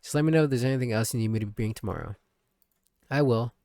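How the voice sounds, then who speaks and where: A man streaming a visual novel, reading its lines aloud and shouting profane reactions. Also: medium pitch, quick pace, vocal fry, dry recording, studio quality.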